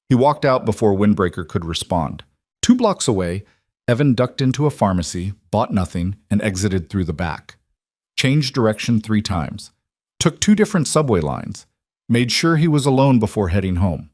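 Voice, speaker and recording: Low-voiced male story narrator. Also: sing-song, darkish tone, no echo, studio quality. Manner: measured, terse storytelling. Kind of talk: scripted dramatic narration.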